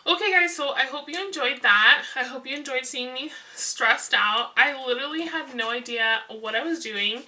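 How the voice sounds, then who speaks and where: A young woman vlogging casually to camera, flustered and rushed, laughing at herself. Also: high-pitched, bright, forceful tone, distant mic. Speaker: beauty vlogger.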